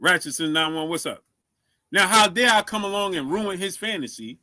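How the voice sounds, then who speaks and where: Bright-voiced man hosting a casual live stream. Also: sits high, animated, normal speed, no room sound. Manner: shouts out viewers, asks for likes; stumbles over words, repeats himself.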